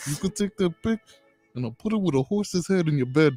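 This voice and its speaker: A man putting on a slow, threatening mafia boss voice as a joke impression on a sports radio show. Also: fairly high pitch, expressive, mellow, no echo, faint music behind. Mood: menacing. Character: gravelly mafia don, menacing, older man.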